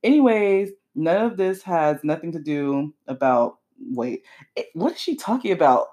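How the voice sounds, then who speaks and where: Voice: medium pitch, big pitch swings, a little mellow. Sarcastic commentator, laughing asides. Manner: sarcastic, laughs often, breaks in with quick asides. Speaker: pop culture commentator. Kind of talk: casual commentary, reading a post aloud.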